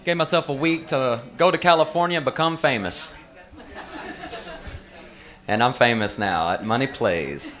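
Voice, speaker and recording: A man's voice: mid-range voice, normal speed, long pauses, a bit bright. A man in his thirties from the American South with a Southern accent, doing a profane, loose stand-up set at an open mic. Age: 30s. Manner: loose, profane storytelling with drawled asides. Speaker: stand-up comedian. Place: bar open mic stage.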